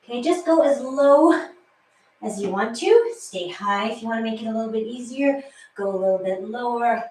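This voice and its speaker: A woman's voice: fairly high pitch, animated, moderate pace, a little mellow, echoey room, recorded from a distance, rough recording. A woman fitness instructor leading a home workout, out of breath, cheerful and chatty, counting reps and laughing at herself.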